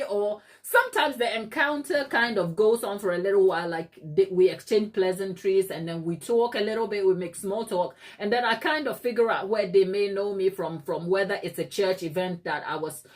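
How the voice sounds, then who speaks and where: A woman hosting a cake-baking channel, telling a story in a chatty, animated way from her home kitchen, acting out other people's lines in a high voice. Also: normal speed, few pauses. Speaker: cake maker and channel host. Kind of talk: casual live-stream storytelling.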